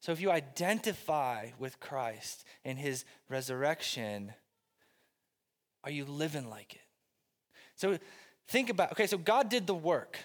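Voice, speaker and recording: A middle-aged pastor preaching a sermon, telling funny personal stories in a loose, conversational way before turning earnest. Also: male voice, a little high, very animated, measured pace, long pauses. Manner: conversational storytelling, self-deprecating humor. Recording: long reverb of a large hall.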